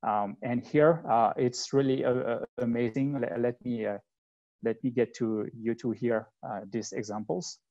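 A man with a French accent giving a live technical conference talk with demos. He speaks in a halting, conversational way and thinks aloud as he goes. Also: mid-range voice, steady tone, dark tone. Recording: slightly muffled online talk recording.

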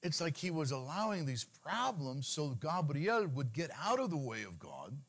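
A man's voice: moderate pace, slightly rough. A middle-aged man preaching a sermon, switching into pleading cries as he mimics worried believers. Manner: animated preaching, mimics anxious pleas in a higher voice. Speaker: pastor.

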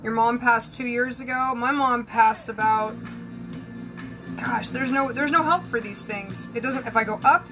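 A woman's voice: a little high, measured pace, over music, poor audio. A woman with a Southern US accent, a psychic and spiritual advisor chatting candidly with viewers on a live stream while she does her hair and makeup. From Southern United States. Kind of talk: casual live-stream chat.

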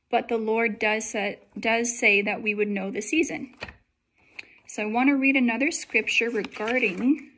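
A woman's voice: a little high, fairly bright tone. A young woman telling a dream in casual testimony, chatty and full of fillers. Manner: chatty, many likes and fillers.

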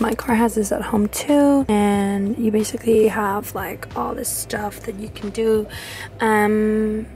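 A young woman with an English accent, chatting in a bubbly, rambling way as she vlogs a holiday. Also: medium pitch. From England. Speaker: vlogger. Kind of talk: casual vlog chat.

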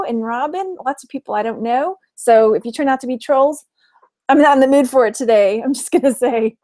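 Woman in her forties, livestream host, chatty, fairly high voice, dry close sound. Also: darkish tone, no room sound. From Texas. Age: 40s. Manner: chatty, greets viewers by name, frequent laughs. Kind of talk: casual livestream chat.

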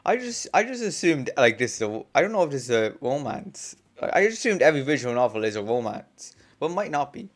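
Young adult gamer, let's-play, reads game text aloud, lively, bouncy pitch, mid-range voice, laughs a lot, mutters swears. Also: a little fast, few pauses. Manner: chatty, laughs often, swears under breath. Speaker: gamer reading a visual novel aloud.

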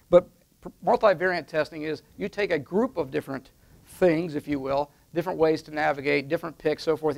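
A man's voice: fairly high pitch, creaky. A man explaining online marketing steps at a whiteboard, emphatic and repetitive, often checking in with "okay?". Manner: step-by-step, emphatic, repeats with "okay?". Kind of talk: instructional talk at a whiteboard.

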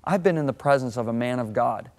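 A man in his sixties, a guest on a TV talk show, telling stories in a lively sermon-like way with big swings of voice. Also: medium pitch, fast talker. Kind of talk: animated storytelling sermon-talk.

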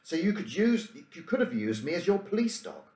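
A man's voice: a little high, sing-song, brisk, darkish tone, pitched above the performer's own voice. A man doing Little Tuesday, a cheeky small boy. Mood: eager. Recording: roomy room echo.

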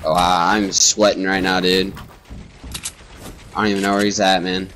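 A man's voice: low voice, flat delivery, moderate pace, background noise. A young man streaming a shooter match, nervous and rambling, swearing about how scared he is, with game gunfire behind him. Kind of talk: casual gaming chat.

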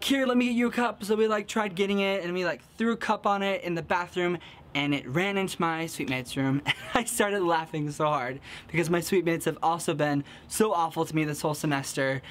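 A man's voice: a little high, a little hiss or hum. Giggly young man telling a storytime. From American Midwest. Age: young adult. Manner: excitable, giggly, filler-heavy storytelling. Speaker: vlogger. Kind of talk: casual storytime vlog.

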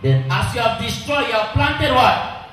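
A man's voice: extremely high pitch, very animated, measured pace, a bit bright. A man preaching a sermon, quizzing the congregation with call-and-response questions and having them repeat his points. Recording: very echoey hall, voice from far off, faint noise.

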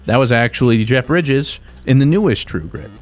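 A young man chatting over a game while joking in a put-on gruff Western drawl. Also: medium pitch, animated, moderate pace. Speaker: gaming YouTuber. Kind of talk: joking gameplay chat with put-on cowboy voices.

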